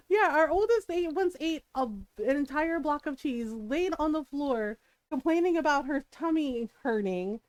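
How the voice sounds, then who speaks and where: A woman's voice: high-pitched, animated, a little slow, dry recording. A middle-aged woman telling stories from home in a casual chat on her stream, laughing often and checking in with "right?". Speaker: streamer and mother.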